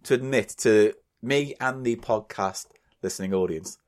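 A man's voice: on the low side, normal speed, a little mellow. A man co-hosting a podcast with casual, teasing, sweary banter. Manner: teasing, sweary, laughs often. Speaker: podcast co-host.

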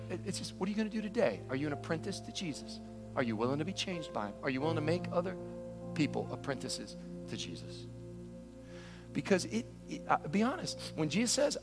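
A male pastor preaching a sermon in an animated, conversational way, often acting out stories. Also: fairly high pitch. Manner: animated, conversational, storytelling with quoted voices.

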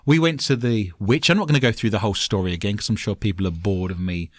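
A man with an English accent hosting a podcast, chatting in a joking, animated way. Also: on the low side, fast, no room sound, studio quality. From England. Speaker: podcast host. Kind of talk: casual podcast chat.

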